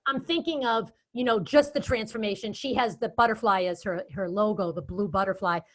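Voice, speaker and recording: A woman from the Boston area, with a mid-range voice and a brisk, Boston-accented delivery, is a guest in a casual interview chat. She's also an event moderator, and she tells stories in an animated, chatty way with quoted asides.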